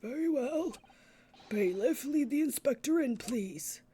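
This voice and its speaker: Woman as an elderly judge, fussy and ponderous, pitched a touch up. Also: animated, dark tone, a little hiss or hum. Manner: slow, hesitant, ponderous.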